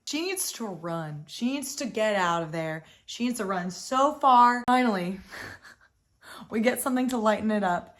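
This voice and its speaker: Animated young woman recapping a reality show. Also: medium pitch, moderate pace. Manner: animated and exasperated, heavy filler "like", swears freely. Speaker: recap host.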